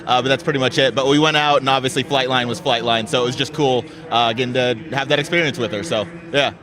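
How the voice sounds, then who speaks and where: A man from San Diego, chatting fast and easily in a live interview. A loud crowd murmurs behind him. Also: mid-range voice, steady tone. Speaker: guest. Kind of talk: casual interview.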